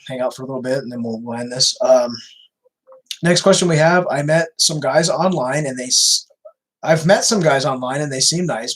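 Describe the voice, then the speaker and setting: Husky guy doing a chatty stream q&a, repeats stuff, um a lot. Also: fairly high pitch, low-quality recording. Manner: chatty, repeats himself, many fillers. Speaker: scam baiter answering viewer questions. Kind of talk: casual Q&A livestream.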